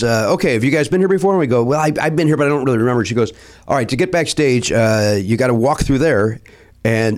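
A man telling a long anecdote in casual chat, acting out what people said with many restarts. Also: mid-range voice. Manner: animated, acts out quotes, restarts often. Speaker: storyteller guest.

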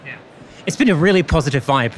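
A man hosting quick, upbeat interviews with exhibitors on a busy exhibition floor. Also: on the high side, lively intonation, a little hiss or hum. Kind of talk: trade show interviews.

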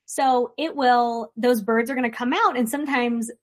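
A woman's voice: a little high, fairly even intonation, moderate pace. A woman therapist hosting a podcast, talking in a casual, blunt way, swearing freely and tossing in playful asides. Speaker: licensed therapist, podcast host.

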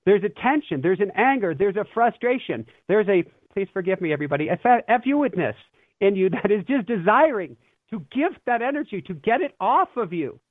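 Very animated and brisk, a high-voiced man tells stories as a guest on an interview, earnest and energetic with occasional laughs. He's a spiritual teacher, and the audio is a dry, tinny phone-like line with no room sound.

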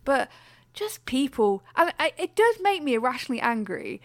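A woman's voice: high-pitched, no echo, clean studio sound. Ranting woman podcast host. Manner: animated ranting, quick bursts of exasperation. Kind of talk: casual podcast chat.

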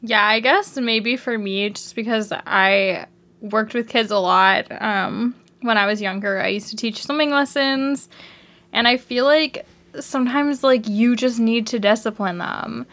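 A woman's voice: a little high, measured pace, fairly bright tone. A young woman co-hosting a podcast, chatting animatedly and sharing opinions with frequent giggles. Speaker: podcast co-host. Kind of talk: casual chat recapping a show.

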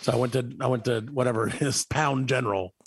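A man's voice: medium pitch, fairly even intonation, quick pace, noisy background. A man hosting a casual podcast chat, joking and riffing with his co-host.

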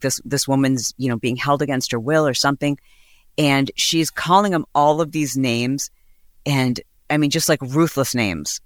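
A middle-aged woman hosting a podcast, chatting casually and acting out overheard quotes with big jumps in pitch. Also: no echo, clean studio sound. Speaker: podcast host. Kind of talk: casual storytelling chat.

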